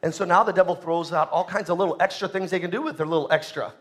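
Here the pastor's voice is high-pitched and fast, holding a steady tone. His sermon stays emphatic, moving between booming moments and soft asides while he asks the congregation questions.

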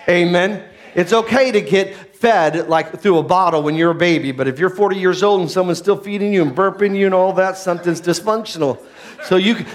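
A man preaching a sermon, swinging from quiet low lines to loud shouted ones and having the congregation repeat phrases after him. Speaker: pastor.

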